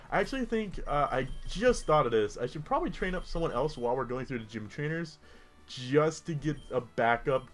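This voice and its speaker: Young man, gaming commentary, rambling and jokey, mid-range voice, faint music behind. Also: medium pitch. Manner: rambling, chatty, jokey asides. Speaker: gaming YouTuber. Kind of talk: casual let's-play commentary.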